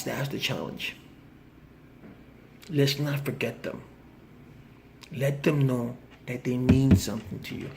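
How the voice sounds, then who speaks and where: A man's voice: mid-range voice, gravelly, a little hiss or hum. A man in recovery speaking straight to his viewers, pleading and repeating himself with heartfelt urgency. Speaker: vlogger in addiction recovery. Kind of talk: earnest direct-to-camera appeal.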